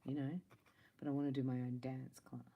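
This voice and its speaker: A woman's voice: rumbling low, little pitch movement, a little fast, warm tone, slightly rough, dull audio. A woman giving a casual spiritual reading to her viewers, chatty and playful, laughing between lines. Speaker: psychic tarot reader.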